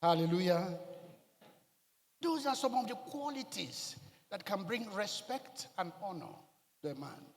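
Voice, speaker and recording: A man preaching a sermon, telling a personal story with emotional, emphatic delivery and loud bursts of exclamation. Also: high-pitched, expressive, a little slow, long pauses, long reverb tail. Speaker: pastor.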